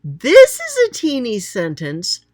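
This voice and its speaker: A woman's voice: on the high side, huge pitch swings, takes it slowly, a little mellow, dry recording, studio quality. A woman explaining a grammar lesson as a writing teacher, chatty and thinking aloud while pointing at examples.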